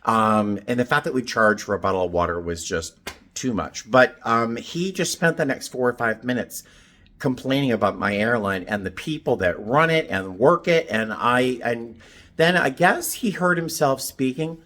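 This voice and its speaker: A man's voice: medium pitch, moderate pace. Chatty fifty-something man vlogging. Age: 50s. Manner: chatty storyteller, animated, quotes people in voices. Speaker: vlogger, flight attendant. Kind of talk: casual vlog chat. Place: hotel room, indoors.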